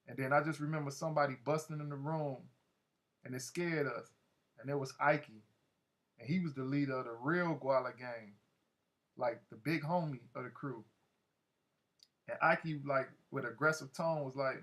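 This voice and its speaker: A man's voice: mid-range voice, normal speed, a bit bright. A man narrating a first-person audiobook in a loose, slangy, conversational way. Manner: loose, slangy, many "like" fillers.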